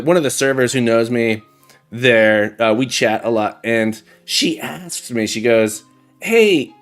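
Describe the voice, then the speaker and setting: Chatty man coding live. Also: mid-range voice. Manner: thinks aloud while typing, chatty, self-deprecating. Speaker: livestream coding host. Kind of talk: casual live-coding chat. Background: faint background music and keyboard typing.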